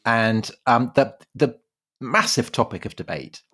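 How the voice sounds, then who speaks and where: A man co-hosting a podcast, chatting in an animated way with quick, jokey interjections. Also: mid-range voice, breathy edge. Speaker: podcast co-host. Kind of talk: casual chat.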